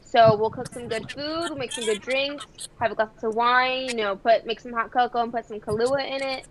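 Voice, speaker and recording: Relaxed, higher-voiced woman chatting. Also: brisk, rough recording. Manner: relaxed, many filler words. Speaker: podcast co-host. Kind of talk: casual podcast chat.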